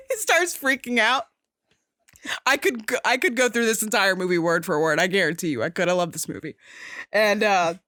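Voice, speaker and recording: A young woman hosting a podcast, animatedly retelling a film scene by scene with frequent laughs and quick asides. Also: mid-range voice, bright, forceful tone, no room sound, studio quality. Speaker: podcast host. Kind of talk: casual movie recap.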